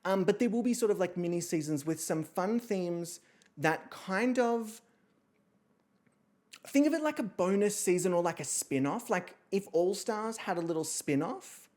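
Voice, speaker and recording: A woman streamer talks casually to her chat, rambling from one thought to the next. Her pitch swings up and down in a lively way, and she swears freely between asides. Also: unhurried. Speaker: streamer and host.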